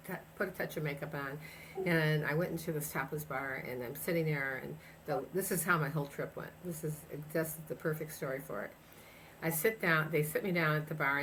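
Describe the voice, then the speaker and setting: A woman's voice: sits low, fairly bright tone, a little hiss or hum. A woman in her sixties from the United States, a chiropractor telling travel stories in a casual interview, rambling with many fillers and restarts. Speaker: guest chiropractor.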